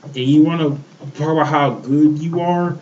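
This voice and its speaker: A man's voice: on the high side, steady tone, normal speed, darkish tone, highs cut off, slight background noise. A man co-hosting a show, ranting in heated casual chat, swearing often and repeating himself. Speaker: podcast co-host.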